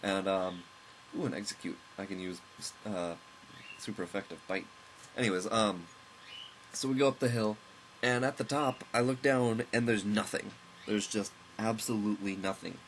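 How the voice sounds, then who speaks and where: Low-voiced man rambling through a story. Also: fairly even intonation, moderate pace, a little hiss or hum, poor audio. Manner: rambling, with chuckles and asides to the game. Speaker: let's play host. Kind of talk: casual storytelling over gameplay commentary. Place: at home, with a loud pet bird nearby.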